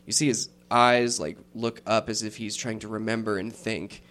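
A man narrating a tabletop game as game master, unhurried and rambling, with many fillers. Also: lowish voice, fairly even intonation, fairly bright tone.

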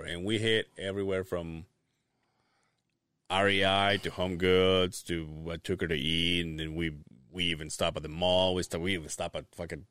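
A man's voice: sits low, normal speed, fairly bright tone, smooth, no room sound. A young man telling a funny story on a podcast, laughing often and swearing casually. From Latin America. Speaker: podcast host.

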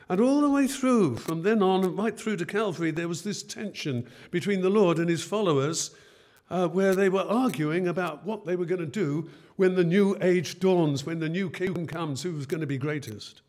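A man's voice: on the high side, normal speed, a little mellow. A man preaching a sermon in church. He retells the scenes as everyday conversations.

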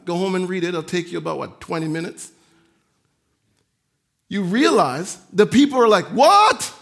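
A man preaching a sermon in a high voice, taking his time over each phrase. He acts out the voices he quotes and swings from loud emphasis to quiet, soft asides. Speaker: pastor.

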